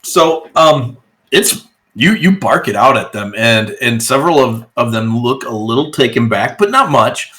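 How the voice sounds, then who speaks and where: A man narrating as game master of a tabletop game, relaxed and rambling, with lots of fillers. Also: medium pitch, unhurried.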